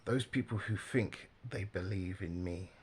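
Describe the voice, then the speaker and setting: A man giving casual, animated religious commentary, laughing often and mimicking the people he talks about. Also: low voice, measured pace, a little hiss or hum.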